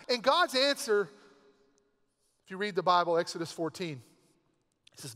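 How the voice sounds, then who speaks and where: A man's voice: sits high, expressive, fairly quick, fairly bright tone. A male pastor from Texas preaching a sermon in a church sanctuary, conversational and storytelling with asides. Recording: long church hall reverb.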